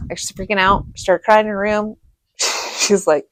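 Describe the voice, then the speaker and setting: A middle-aged woman from Reno telling rambling stories about her childhood, laughing often and filling pauses. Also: medium pitch, fairly even intonation, no room sound. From Reno, Nevada. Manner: rambling, chatty, laughs often, many fillers. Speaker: vlogger. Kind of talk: casual storytelling monologue.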